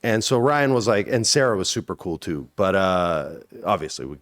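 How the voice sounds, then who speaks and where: An actor in his forties tells stories on an interview at normal speed, his voice expressive and a bit bright. The tone is easygoing, punctuated by sudden high bursts as he acts out quotes.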